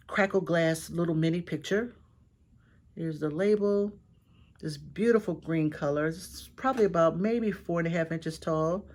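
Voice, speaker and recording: A woman's voice: on the low side, darkish tone. Gushing woman showing off her finds. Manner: gushing, repeats praise words; chatty, addresses viewers directly. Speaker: online antiques reseller. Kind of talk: casual haul show-and-tell.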